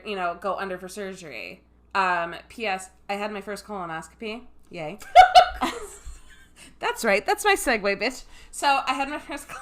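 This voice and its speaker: A woman's voice: on the high side, a bit bright, a little hiss or hum. A woman co-hosting a podcast who is a bit drunk, giggling and swearing in casual chat. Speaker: podcast co-host.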